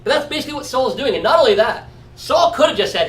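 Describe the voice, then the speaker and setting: A man's voice: very high-pitched, big pitch swings, fast talker, a bit bright. A man teaching a casual Bible study, talking conversationally and often checking in with "right?". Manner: conversational, often adds 'right?'. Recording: roomy echo from a distant mic.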